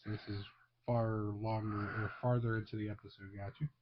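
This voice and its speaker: Laid-back dad co-hosting a movie review chat. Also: male voice, fairly low pitch, a little fast, heavy background noise. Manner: relaxed, affirming, asks clarifying questions. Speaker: podcast co-host, father. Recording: dull lo-fi recording.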